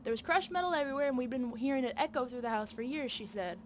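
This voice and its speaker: A woman voicing an earnest backwoods woman with a soft Southern drawl, reading game dialogue aloud. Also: high voice, lively intonation, fast, slight background noise.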